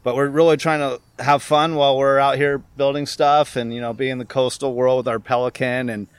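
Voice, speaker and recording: A man's voice: medium pitch, flat delivery, brisk, clean tone, no echo. A man who co-founded a company, talking steadily and earnestly in a casual interview. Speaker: company co-founder, podcast guest.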